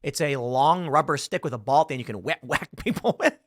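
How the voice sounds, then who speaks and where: A man hosting a podcast, giving casual commentary as an animated, rambling storyteller. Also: a little high, a little fast, dry recording, clean studio sound. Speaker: podcast host.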